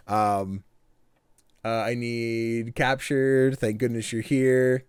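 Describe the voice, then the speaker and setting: A man hosting a casual podcast, talking in an animated way, laughing often and acting out voices as he retells things. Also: mid-range voice, takes it slowly, clear, resonant tone, no room sound, studio quality. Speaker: podcast host.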